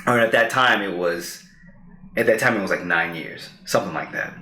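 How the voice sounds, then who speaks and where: Lively storytelling man in a roomy space. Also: low-pitched, normal speed. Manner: animated storyteller who acts out quoted lines. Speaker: podcast co-host. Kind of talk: casual podcast storytelling. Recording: roomy echo.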